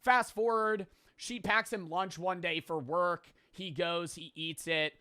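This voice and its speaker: A man's voice: sits high, steady tone, slow, pushed and bright, clear, resonant tone, no echo, studio quality. A man hosting a podcast, rambling through a profane, casual plot recap full of filler words. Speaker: podcast host. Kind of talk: casual storytelling.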